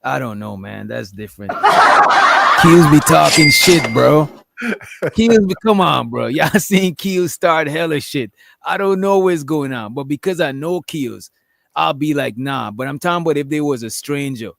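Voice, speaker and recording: Gravelly-voiced man, easygoing panelist, rambling profane talk, dry close mic. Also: fairly high pitch, lively intonation, normal speed, a bit bright, no echo. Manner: laid-back, profane, rambling with fillers. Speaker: podcast panelist. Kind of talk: casual debate chat.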